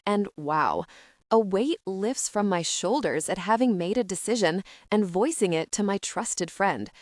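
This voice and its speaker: A woman narrating a first-person audiobook in an expressive, upbeat storytelling manner. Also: mid-range voice, a little slow, no echo, clean studio sound.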